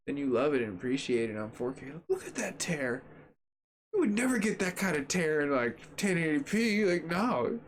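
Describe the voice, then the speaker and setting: A man's voice: medium pitch, a little hiss or hum. A man hosting a gaming channel, giving casual, joking, rambling commentary at his home computer setup while he tests a graphics card. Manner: joking, rambling and sarcastic, with frequent fillers.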